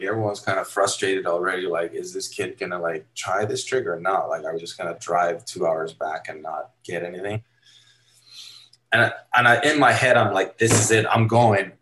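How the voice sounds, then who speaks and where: A man from Finland tells a story at an easy, meandering pace, dropping "like" and "dude" all the time. His voice sits low. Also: bright, forceful tone, rough recording. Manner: laid-back, rambling, heavy use of "like" and "dude". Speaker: interview guest, photographer and former skater. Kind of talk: casual storytelling.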